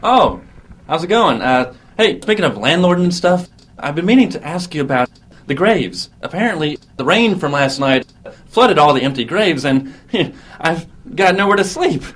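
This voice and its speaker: A man's voice: fairly high pitch, very animated, moderate pace, a bit bright, slight background noise. A man voicing a goofy, sheepish zombie who laughs between lines.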